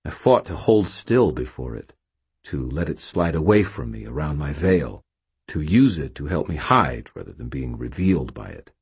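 A man narrates a first-person audiobook in a very deep, husky voice. His pitch moves with lively expression while the pace stays measured.

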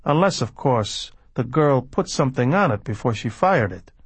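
A man playing a brisk, detached former doctor with a husky, slightly raised voice. He lays out facts without comfort, precise and unsentimental, and sounds close and dry. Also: medium pitch, expressive, dry recording. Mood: clinical. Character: cool, clinical male ex-doctor, curt.

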